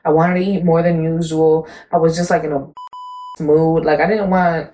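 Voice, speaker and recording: A young woman with a slightly low voice, talking casually and swearing offhandedly. She tosses in quick reactions and then drifts into her own story. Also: little pitch movement, dark tone, low-quality recording. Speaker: podcast co-host. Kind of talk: casual chat.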